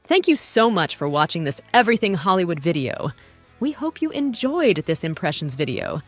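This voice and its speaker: Lady voice-over introducing clips, lively pitch, bit of music behind. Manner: brisk clip introductions. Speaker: narrator. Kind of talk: scripted narration.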